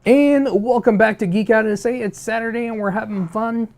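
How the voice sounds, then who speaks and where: Man, gravelly voice, upbeat co-host, casual chat, lots of fillers. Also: high voice, brisk, a little mellow. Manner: upbeat and chatty, with many fillers. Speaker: podcast co-host.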